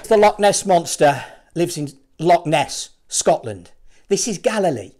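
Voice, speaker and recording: A man's voice: on the high side, animated, unhurried, a little mellow. A man and children's puppeteer telling a Bible story in a playful, dramatic way. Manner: playful, dramatic, with lots of vocal swings.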